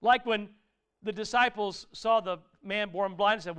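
A man preaching a sermon with a high, smooth and resonant voice. He talks to the congregation in an earnest, conversational way. Now and then he bursts into a loud exclaimed aside. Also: normal speed.

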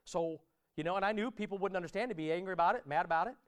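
High-voiced preacher with a smooth tone. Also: male voice, very fast. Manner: keeps asking listeners rhetorical questions. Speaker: pastor. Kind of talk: conversational sermon. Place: church.

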